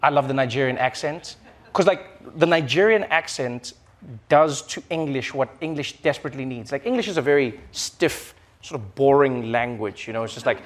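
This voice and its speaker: Animated high-voiced man chatting with an audience. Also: some chatter behind. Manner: animated, laughing, quick asides. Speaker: comedian host answering audience questions. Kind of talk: casual audience Q&A.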